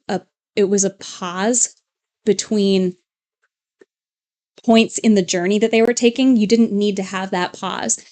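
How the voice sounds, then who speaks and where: A woman's voice: medium pitch, a little mellow. A woman co-hosting a livestream, chatting casually in a rambling way with restarts. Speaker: livestream co-host. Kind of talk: casual chat.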